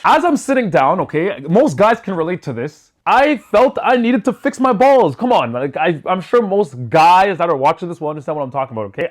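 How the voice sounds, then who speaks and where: A man telling a personal story in a casual, animated vlog style, swearing freely and filling his talk with "like" and "you know.". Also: high voice. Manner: animated, swears freely, chatty with lots of fillers. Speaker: storyteller vlogger.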